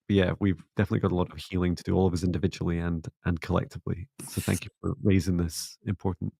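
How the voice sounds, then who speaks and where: A middle-aged man hosting a spiritual livestream, talking in a soft, gently meditative way. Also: sits low, level tone, racing, vocal fry, husky. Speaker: psychic mentor and livestream host. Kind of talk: casual livestream chat and guided closing.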